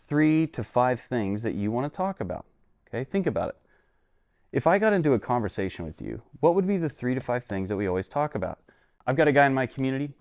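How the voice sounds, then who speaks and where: A man's voice: mid-range voice, a little mellow. A man giving a casual, motivational business lesson to camera, talking conversationally and throwing in rhetorical questions and "okay?" checks. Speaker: online business coach.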